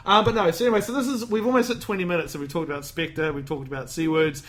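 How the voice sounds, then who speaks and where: A man's voice: high voice, fairly even intonation, racing. A man hosting a podcast, rambling and joking in casual chat, acting out lines from a movie. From Australia. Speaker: podcast host.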